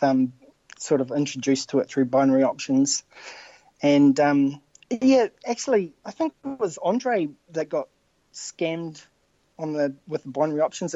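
A man with a New Zealand accent answers interview questions in a modest, slightly nervous way. His voice is mellow and dark. The remote audio sounds dull and lo-fi. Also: fairly high pitch, no room sound. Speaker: podcast guest. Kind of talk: casual interview.

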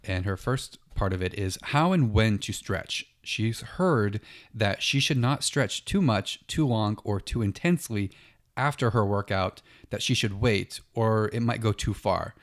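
A man co-hosting a podcast, reading listener questions aloud in a steady, relaxed way. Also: on the low side, measured pace. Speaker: podcast co-host.

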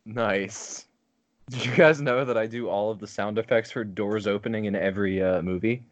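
A man's voice: lowish voice, steady tone, moderate pace, no room sound. A young man co-hosting a casual podcast, cracking jokes with a straight face. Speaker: podcast co-host. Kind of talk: casual chat.

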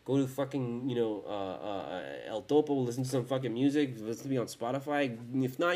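A man's voice: medium pitch, a little fast, hardly any pauses, darkish tone. A tired man hosting a fan podcast, ranting in a profane, rambling and heated way late at night. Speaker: sports fan podcast host. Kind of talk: casual rant.

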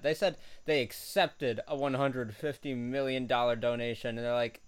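A young man with a smooth, resonant voice co-hosts a comedy podcast. He rambles casually through hypotheticals and acts out silly quoted voices. His pitch sits in an ordinary middle range. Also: normal speed, hardly any pauses. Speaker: podcast co-host.

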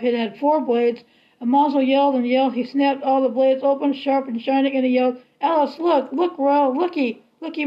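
A woman reads a children's novel aloud at a steady, unhurried pace. Her voice sits high. The recording is slightly dull and lo-fi. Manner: steady, unhurried storybook reading. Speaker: reader.

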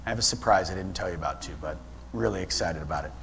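A man's voice: sits low, racing, creaky, fairly bright tone, a little hiss or hum. A middle-aged man, preaching a sermon in a conversational, storytelling way. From Ohio, USA. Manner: storytelling, conversational, with frequent restarts. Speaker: guest pastor.

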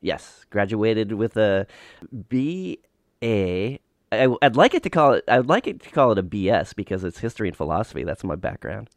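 A middle-aged man hosting an interview, asking measured, thoughtful questions and reflecting. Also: on the low side, very animated, dry recording. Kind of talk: casual interview conversation.

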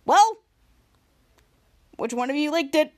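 A woman's voice: high-pitched, sing-song, normal speed, dry recording, clean studio sound. Woman quoting a boastful male superhero. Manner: bragging, accusing.

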